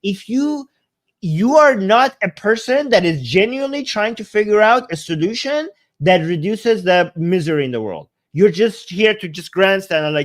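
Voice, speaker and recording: A political commentator talks back at a debate clip in an argumentative, emphatic way. The speaker fires off rhetorical questions and mocks the other side. The voice sits at a middling pitch. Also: expressive, normal speed. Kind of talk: reaction commentary.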